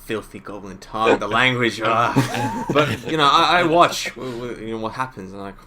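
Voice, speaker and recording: A man's voice: medium pitch, normal speed, a loud crowd. Guy player stumbling over his words, mid voice, people chatting behind him. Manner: hesitant, stammering. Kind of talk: casual tabletop game chat.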